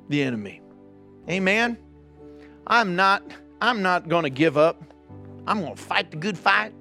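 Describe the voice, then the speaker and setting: High-voiced man preaching a sermon. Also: pushed and bright. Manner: earnest, exhorting, addresses congregation directly. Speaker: pastor. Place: church.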